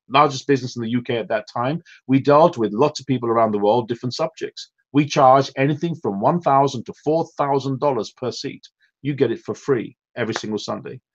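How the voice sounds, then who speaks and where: A man's voice: medium pitch, highs cut off. A man from the United Kingdom hosting a motivational online team call, effusive and full of praise, emotional and drained. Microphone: online call audio.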